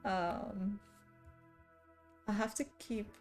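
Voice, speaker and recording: Faint music underlies this live stream, where a young woman talks very slowly in a medium-pitched voice with fairly even intonation. She answers her chat casually and laughs frequently between comments.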